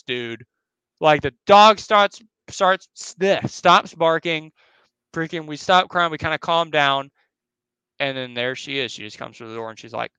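A man's voice: a little high, normal speed, pushed and bright, clear, resonant tone, dry recording, poor audio. A young man casually telling a spooky personal story, rambling and slangy, cursing and acting out other people's lines. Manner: rambling, slangy, profane, acts out voices. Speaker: podcast host.

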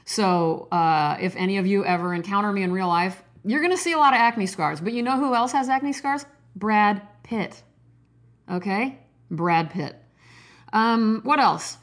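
A woman in her forties from Nebraska hosting her own podcast, talking loudly and excitedly, jumping between topics with cussing and self-mocking jokes. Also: medium pitch, normal speed, few pauses. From Nebraska, USA. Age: 40s. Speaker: podcast host. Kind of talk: casual solo podcast monologue.

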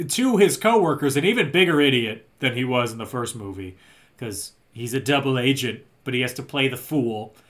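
Bright-voiced man recapping a movie. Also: mid-range voice, lively intonation, moderate pace. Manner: rambling, dry and joking. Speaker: podcast co-host. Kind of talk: casual movie recap chat.

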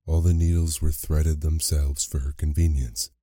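A man narrating a bedtime sleep story in a slow, soft, measured way. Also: a bass voice, level tone, no room sound, clean studio sound.

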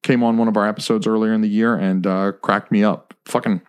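Brief: man, podcast co-host, somewhat low voice, swears freely and jokes around. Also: steady tone, a little fast, clear, resonant tone. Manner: profane, joking, rambling. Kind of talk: casual podcast chat.

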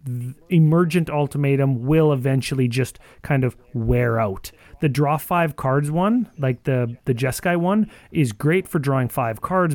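A man's voice: mid-range voice, a little mellow, no echo. A man co-hosting a casual podcast, rambling in a sardonic, profane way with lots of "like" fillers. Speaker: podcast co-host. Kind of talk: casual card game chat.

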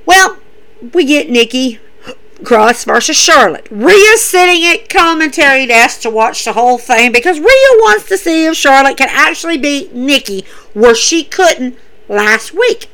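A woman's voice: high-pitched, expressive, unhurried, bright, forceful tone, low-quality recording. A young woman enthusiastically retelling wrestling events in a casual, chatty recap.

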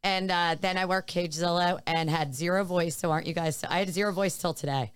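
A woman's voice: lowish voice, fairly even intonation, a little fast, smooth, dry recording. A woman hosting a podcast in casual chat, laughing often and swearing freely. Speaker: podcast host.

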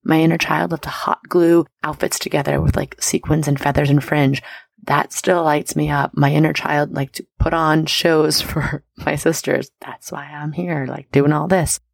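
Gravelly-voiced bubbly woman host. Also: low-pitched, fairly even intonation, normal speed, no room sound, studio quality. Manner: bubbly, affirming, coaching the listener. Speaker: astrology podcast host. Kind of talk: casual motivational talk.

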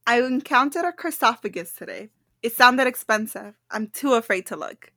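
Brief: relaxed teasing woman co-host, high voice, dry close sound. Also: normal speed, dry recording. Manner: laid-back, teasing, laughs along. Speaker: podcast co-host. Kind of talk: casual chat.

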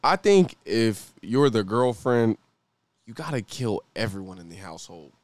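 A man hosting a podcast, talking in a casual, profane, animated way and laughing often. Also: fairly low pitch, moderate pace, no room sound. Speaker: podcast host. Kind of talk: casual podcast chat reacting to a story.

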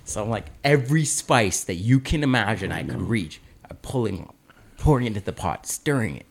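A man in his thirties, a podcast co-host, telling a childhood story in casual chat, animated and swearing freely. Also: lowish voice, normal speed, creaky.

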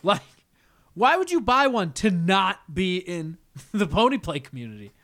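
A young man with a slightly raised voice recounts a story to his co-hosts, animated and quick to swear. He laughs often as he talks, in loose, casual podcast banter. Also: high-pitched. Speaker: podcast co-host.

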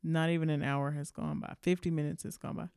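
Smooth-voiced woman telling a profane story. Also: low voice, brisk, dry recording, clean studio sound. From Alabama. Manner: animated, profane storytelling that acts out the other people's lines. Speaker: podcast co-host. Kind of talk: casual podcast storytelling. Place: indoor podcast studio.

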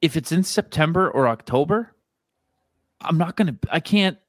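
A man's voice: on the high side, lively intonation, moderate pace, no echo, clean studio sound. A man co-hosting a hockey podcast, chatting in a laid-back, dryly joking way. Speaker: podcast co-host. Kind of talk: casual sports chat.

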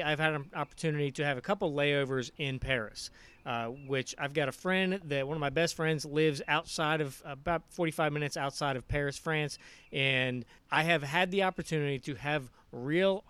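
A man's voice: fairly high pitch, a bit bright, smooth, no room sound. A man hosting a podcast, chatty and enthusiastic, rambling loosely as he talks. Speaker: podcast host. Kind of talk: casual podcast intro and interview. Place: restaurant.

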